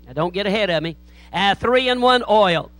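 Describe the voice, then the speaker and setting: A man's voice: high-pitched, animated, normal speed, a bit bright, low-quality recording. A man preaching a sermon in a church, telling folksy stories. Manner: folksy joke-telling, acts out voices in anecdotes. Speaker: pastor.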